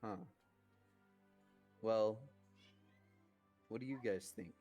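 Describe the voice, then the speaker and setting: A man's voice: fairly low pitch, sing-song, very slow, creaky, dark tone, soft background music. A man playing a tabletop game, chatting casually in character with frequent restarts. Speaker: player.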